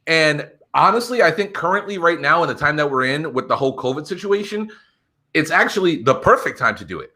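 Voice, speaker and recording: A man co-hosting a wrestling podcast, talking in an excited, profane, casual way. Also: on the high side, a little fast. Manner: animated, profane, builds excitement. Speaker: podcast co-host. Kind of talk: casual chat.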